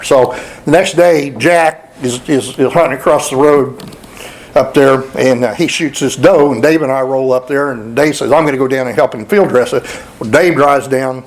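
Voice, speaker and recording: A man speaking at a memorial celebration, telling folksy hunting stories with chuckles and halting restarts. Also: mid-range voice, rough recording. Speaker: eulogy speaker. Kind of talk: storytelling at a memorial. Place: memorial gathering hall.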